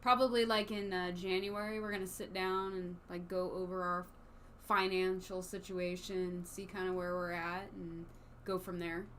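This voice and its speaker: A woman with a slight Southern accent co-hosting a casual live stream, relaxed and quick to laugh. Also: lowish voice, slight background noise. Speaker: co-host.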